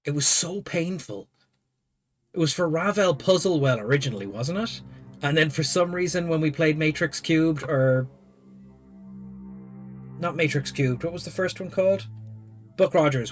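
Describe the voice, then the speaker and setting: A man playing through a game with a friend, chatting casually and joking at his own expense about doing the voices. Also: a little high. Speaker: game player voicing characters. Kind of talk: casual let's-play chat.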